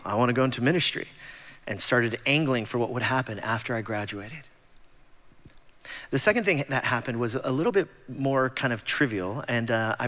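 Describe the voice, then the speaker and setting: Church testimony speaker, forties, easygoing and self-mocking, recorded in an echoing sanctuary. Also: male voice, medium pitch, fairly bright tone. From Los Angeles, USA. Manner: conversational storytelling with self-deprecating humor. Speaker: guest speaker at church gathering. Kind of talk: personal testimony talk. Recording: long church-hall reverb.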